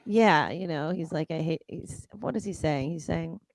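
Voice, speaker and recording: A young adult woman co-hosting a casual comedic chat, playfully riffing and dropping into low mock voices. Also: moderate pace, vocal fry, dry recording, rough recording. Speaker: co-host.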